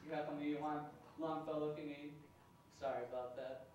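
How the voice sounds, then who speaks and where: A man doing stand-up in a club, loud, goofy and self-deprecating. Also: on the high side, flat delivery, brisk, highs cut off. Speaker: stand-up comedian. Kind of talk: stand-up routine. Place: comedy club stage. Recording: echoey room from far off with ambient noise.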